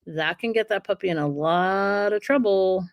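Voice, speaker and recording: A woman guest in a casual interview, a lively storyteller who often acts out what dogs would say. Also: mid-range voice, moderate pace, no echo. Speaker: guest, dog breeder and trainer.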